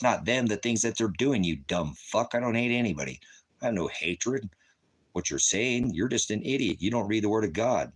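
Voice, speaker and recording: A man's voice: fairly low pitch, expressive, fairly quick, breathy edge. A middle-aged man running a ministry livestream, talking to his chat in a profane, combative, taunting way. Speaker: ministry host.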